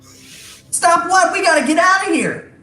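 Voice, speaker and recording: Frantic little goblins. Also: male voice, very high voice, lively intonation, a little slow, pushed and bright, reverberant, soft background music, pitched above the performer's own voice, heavily acted. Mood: panicked. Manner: squealing, panicked yelps. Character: frantic panicky goblin crowd, small and shrill.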